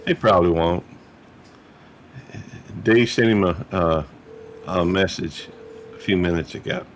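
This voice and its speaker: A man's voice: sits low, a little slow, a little hiss or hum. A middle-aged man co-hosting a casual livestream chat, talking with many fillers and restarts. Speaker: livestream co-host.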